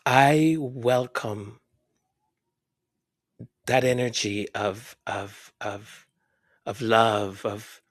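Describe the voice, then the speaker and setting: A man hosting a podcast who reads listener comments aloud, speaking softly and haltingly, often whispering his thanks and sounding moved. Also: medium pitch, no room sound, clean studio sound. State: moved, emotional. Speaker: podcast host. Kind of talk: casual chat reading listener comments.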